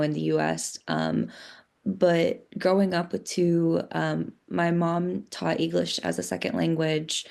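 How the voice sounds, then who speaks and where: A woman's voice: sits low, creaky, a little mellow. A young woman born in Colombia and raised in the US, calling in as a panel guest, congested from a cold, talking in a chatty way. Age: young adult. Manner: chatty, uses "like" often. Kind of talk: casual panel talk.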